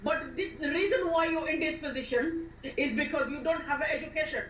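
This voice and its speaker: A woman acting in a radio drama, playing a furious foreign woman who scolds her jobless boyfriend in with shrill, tearful outbursts. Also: fairly quick, fairly bright tone, slight background noise. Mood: angry. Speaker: actor and playwright. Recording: echoey, distant, dull low-fi.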